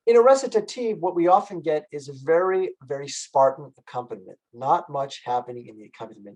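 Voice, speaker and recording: A man's voice: a little high, darkish tone, low-quality recording. A man lecturing on music at a library event, explaining as he goes and often asking his audience questions.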